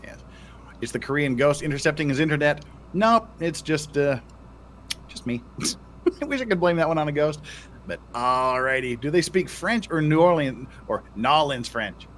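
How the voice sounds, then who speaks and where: A man hosting a livestream in a playful, joking way, with his pitch sitting a little high and swinging widely as he talks. There is a faint hiss of noise behind his voice. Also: lively intonation, normal speed, a bit bright. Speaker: livestream host. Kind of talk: casual livestream chat.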